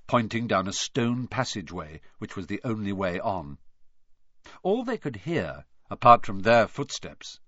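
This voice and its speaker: A man narrating a storybook in an expressive, dramatic way. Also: mid-range voice, dry recording, dull audio. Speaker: audiobook reader.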